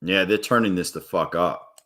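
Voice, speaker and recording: A man's voice: deep voice, normal speed, a bit bright. A man streaming his day trading live, talking viewers through chart moves in a casual, blunt way and swearing freely when a trade goes wrong.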